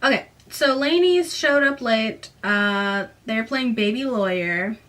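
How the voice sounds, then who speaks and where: A woman's voice: fairly high pitch, animated, slow, fairly bright tone, slight background noise. This is a young woman giving a casual, chatty recap of a teen novel. She reads bits aloud, then drops them to tease the text with sarcastic asides. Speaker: book reviewer. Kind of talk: casual book recap with read-aloud passages.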